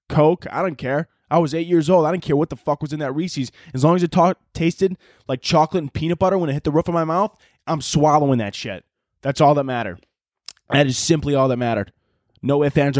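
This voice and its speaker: A young man hosting a casual solo podcast, telling stories in a profane, laughing, animated way. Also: on the high side, no room sound, studio quality. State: out of breath. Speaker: podcast host.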